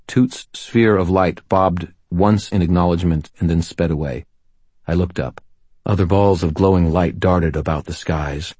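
A man with an extremely low, husky voice narrates a first-person story. His delivery is dry and wry, with a touch of humor. The recording is close and dry, with no room sound. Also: a little mellow, no room sound. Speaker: audiobook narrator.

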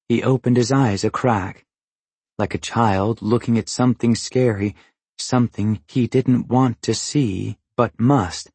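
A male audiobook narrator with a low, husky voice, telling the story in a measured, even way. He takes his time over every sentence. The recording is dry and close. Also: dry recording. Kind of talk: scripted narration.

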